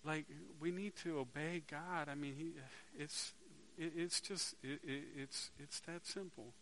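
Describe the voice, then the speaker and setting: A man's voice: a little high, fairly even intonation, measured pace, a bit bright, a little hiss or hum. A man preaching a sermon to a congregation in a conversational way, asking them rhetorical questions and restarting words as he searches for them.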